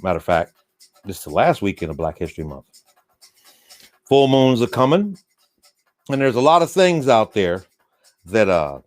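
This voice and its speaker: A man's voice: medium pitch, a little mellow. A man from the United States hosting a loose, rambling, folksy livestream monologue while drinking beer. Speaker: livestream host.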